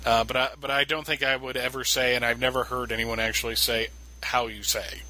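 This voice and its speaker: A man's voice: medium pitch, level tone, quick pace, sharp tone, low-quality recording. A man co-hosting a casual podcast, joking and restarting his sentences as he explains. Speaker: podcast co-host. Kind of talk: casual comic-book discussion.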